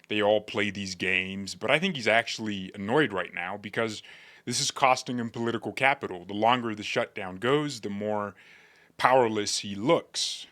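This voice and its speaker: A man's voice: fairly low pitch, pushed and bright. A man hosting casual political commentary, talking in a sarcastic, joking way.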